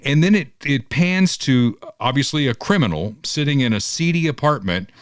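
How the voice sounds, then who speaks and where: A man's voice: medium pitch, moderate pace, no echo, clean studio sound. A man hosting a podcast, telling stories in casual political chat with sarcastic asides. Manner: animated storytelling, sarcastic. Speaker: podcast host.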